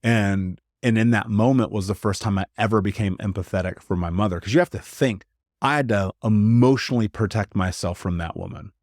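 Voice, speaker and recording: A man's voice: on the low side, darkish tone, no room sound, clean studio sound. A man in his thirties, a podcast guest, telling a hard personal story in an earnest, emphatic way, often saying "like". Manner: earnest, emphatic, frequent "like" fillers.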